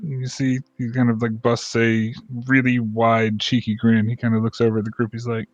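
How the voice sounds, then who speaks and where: A man's voice: medium pitch, completely flat delivery, moderate pace, few pauses, no room sound, muffled recording. A man narrating a tabletop game as game master, rambling and hesitant, with many fillers.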